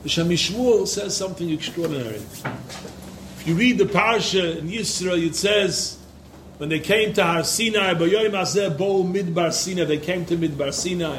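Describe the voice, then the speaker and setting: High-pitched guy preaching a torah class to students, really emphatic, echoey room with faint background hum. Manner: impassioned and emphatic, repeats phrases for stress. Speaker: Torah lecturer. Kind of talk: Torah lecture to yeshiva students.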